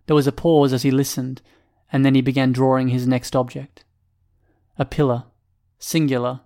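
A man narrating a story in a steady, measured reading voice. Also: medium pitch. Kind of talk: scripted narration.

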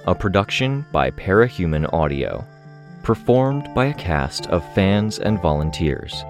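A man narrating a fan audiobook in the first person, steady and descriptive. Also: sits low, unhurried, faint music behind.

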